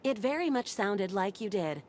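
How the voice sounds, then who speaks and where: A woman voicing a calm, polite female home-assistant AI that repeats its prompts in a video game. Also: mid-range voice, normal speed, a little hiss or hum, close to an everyday voice.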